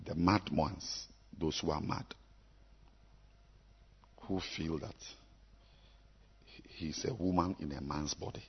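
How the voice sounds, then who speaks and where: A man preaching a sermon to his congregation, emphatic and repetitive, with sudden loud bursts. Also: rumbling low, takes it slowly, pauses often, breathy edge. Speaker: pastor. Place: church. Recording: echoey church hall, dull lo-fi sound.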